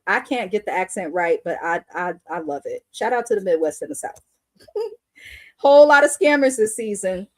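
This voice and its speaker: A young adult woman hosting a live reaction review in a blunt, opinionated, casual way, reading chat comments aloud. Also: medium pitch. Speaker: livestream reaction host.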